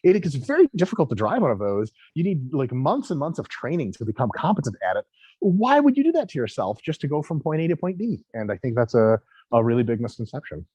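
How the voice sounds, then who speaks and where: A man's voice: mid-range voice, sing-song, fast talker, a little mellow, husky, no echo. A man speaking as a guest coach in a casual interview, emphatic and blunt, swearing freely.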